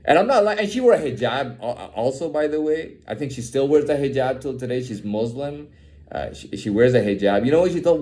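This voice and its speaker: A man's voice: mid-range voice, animated, fairly quick, a little mellow. A man ranting in a heated, profane way, repeating himself and ending lines with "man". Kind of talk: candid personal rant.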